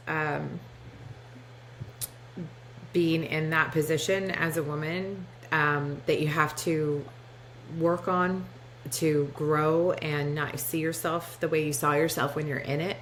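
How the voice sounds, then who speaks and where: A woman's voice: low voice, fairly even intonation, slow, fairly bright tone, slight background noise, low-quality recording. A woman hosting a podcast, speaking reflectively with many ums and supportive affirmations. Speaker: podcast host. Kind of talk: casual interview chat.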